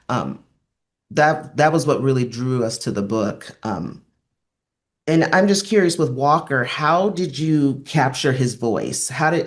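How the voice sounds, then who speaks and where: Friendly man moderating a webinar. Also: medium pitch.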